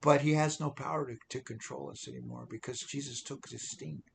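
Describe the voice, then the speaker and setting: A man's voice: medium pitch, fairly even intonation, fairly quick, vocal fry, husky. A man giving an informal devotional talk as an online preacher, chatting along and often repeating and restarting phrases.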